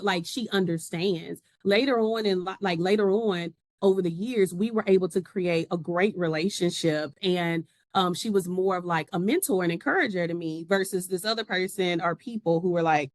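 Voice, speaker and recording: A woman's voice: medium pitch, normal speed, dry recording. A woman who is a podcast guest, telling a personal story in casual conversation and acting out the voices of the people she quotes.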